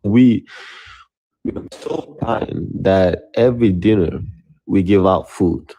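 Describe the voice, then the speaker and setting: A man's voice: low-pitched, takes it slowly, mellow, lo-fi sound. A man from Senegal, a caller on a stream, laid-back and laughing things off. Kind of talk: casual call-in argument.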